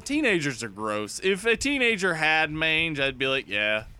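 A man's voice: fairly high pitch, sing-song, pushed and bright, smooth. A man co-hosting a podcast, bantering and joking in casual chat about movies. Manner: jokey, banter-driven, quick asides. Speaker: podcast co-host.

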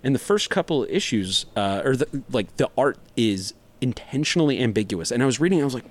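A man's voice: mid-range voice, very animated, brisk, hardly any pauses. A young man on a casual podcast, talking comics in a rambling, jokey way with lots of fillers and restarts. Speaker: podcast co-host reviewing comics.

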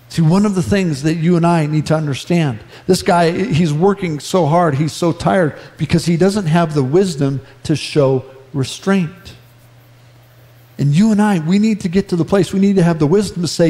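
A man with a high voice delivers a sermon in a relaxed, conversational way, slipping into quoted asides. His voice carries a long reverb, as if from a large hall. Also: normal speed. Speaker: pastor.

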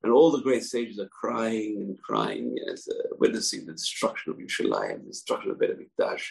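A man giving a Torah lecture in an earnest, unhurried manner, dropping Hebrew phrases into his speech. His voice is low and gravelly. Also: wildly swooping pitch, poor audio. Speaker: Torah teacher. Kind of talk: religious lecture.

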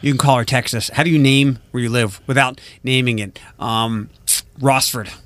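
A man's voice: medium pitch, steady tone, moderate pace, a bit bright, no room sound. A man co-hosting a casual radio chat show, rambling and thinking aloud with lots of fillers. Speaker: radio co-host.

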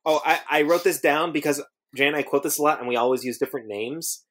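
A woman's voice: deep voice, fast talker. A woman co-hosting a podcast, chatting casually with a wry, joking manner. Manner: wry, laughing, quotes lines from memory. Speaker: podcast co-host. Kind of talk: casual chat.

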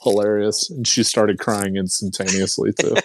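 A man with a fairly low voice chats casually on a podcast, enthusiastic and rambling, breaking into laughs. The recording is dry and close, without any room sound. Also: fairly even intonation, normal speed, no room sound. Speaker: podcast co-host. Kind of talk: casual chat.

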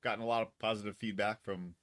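A man co-hosting a casual livestream chat, talking in halting, rambling bits. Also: fairly low pitch, fairly even intonation, fairly bright tone. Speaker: co-host.

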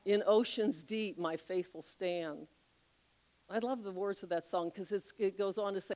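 A woman preaching a sermon, telling a Bible story with animated, acted-out voices. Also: on the high side. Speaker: pastor.

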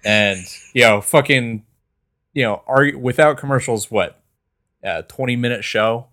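A man's voice: medium pitch, a little slow, bright, forceful tone. A man co-hosting a podcast, chatting casually and cursing freely. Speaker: podcast co-host. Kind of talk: casual chat.

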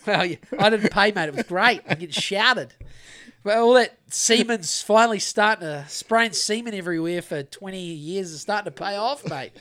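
A man's voice: sits high, normal speed, bright, forceful tone. A middle-aged man, hosting a podcast and telling rambling, sweary stories in a laid-back way. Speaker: podcast host. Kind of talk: casual chat.

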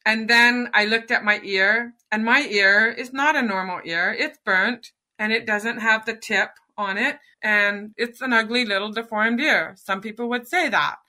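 A woman's voice: fairly high pitch, unhurried, hardly any pauses, bright, forceful tone. A middle-aged woman, a podcast guest, telling a personal story in an earnest, emotional way.

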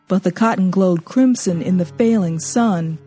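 A woman reading a novel aloud as an audiobook narrator, measured and expressive. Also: on the low side, husky, faint music behind. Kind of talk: storybook reading.

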